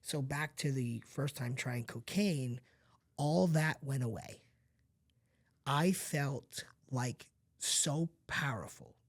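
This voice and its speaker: A middle-aged man speaking as a podcast guest, his voice pitched in an ordinary middle range. He tells a hard personal story candidly and earnestly, with many asides to the listener. The emotion comes close to the surface at times. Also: slow. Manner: earnest and confiding, talks straight to the listener with frequent asides.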